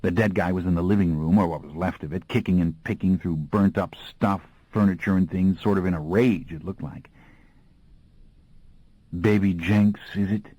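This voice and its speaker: A man's voice: low voice, fairly quick, few pauses, dry recording, dull audio. A man reading an audiobook in a folksy, slangy storytelling voice. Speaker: audiobook narrator. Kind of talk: scripted audiobook narration.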